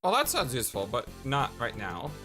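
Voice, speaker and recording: A man hosting a gameplay video, talking through stats and plans in an upbeat, chatty way with a very lively, bouncing pitch. Loud game music runs clearly underneath him. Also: fairly quick. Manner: upbeat, chatty, laughs easily. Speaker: let's play host. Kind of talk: casual gameplay commentary.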